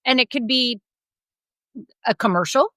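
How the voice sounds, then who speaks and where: Bright, animated middle-aged woman. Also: fairly high pitch, unhurried, dry recording, low-quality recording. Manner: animated storyteller, laughs often, acts out quotes. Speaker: podcast co-host. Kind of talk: casual chat.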